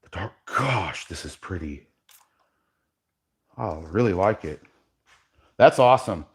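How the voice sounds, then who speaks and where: A man hosting a live workshop demo as an epoxy artist, talking casually and addressing viewers directly, sometimes dropping quiet while he works. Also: deep voice, lively intonation, slow.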